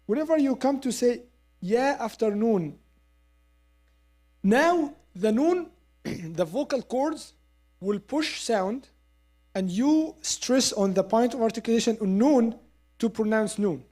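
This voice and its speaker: A woman teaching Quran recitation in a lesson, explaining step by step and modelling the sounds slowly with repeats. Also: on the high side, expressive, warm tone. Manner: explains step by step, asks listeners to agree. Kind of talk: classroom lesson.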